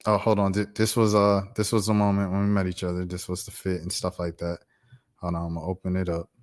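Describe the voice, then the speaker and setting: A man in his thirties hosting his own stream, telling a casual storytime in an animated, slangy way with laughing asides. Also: low-pitched, quick pace. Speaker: streamer host.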